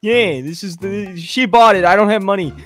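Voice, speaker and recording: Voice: mid-range voice, normal speed, fairly bright tone. A gaming co-host in casual banter, rambling with lots of fillers and nervous laughs.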